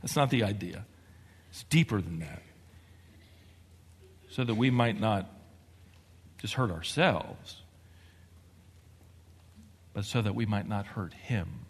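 A man preaching a sermon as pastor, moving between quiet, measured passages and excited, emphatic bursts. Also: lowish voice. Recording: long hall reverb.

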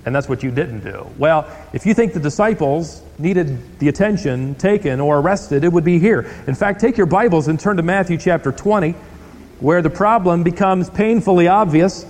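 A male pastor preaching a sermon in a church, telling stories with animated delivery and rhetorical questions. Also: sits high, moderate pace. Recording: long hall reverb.

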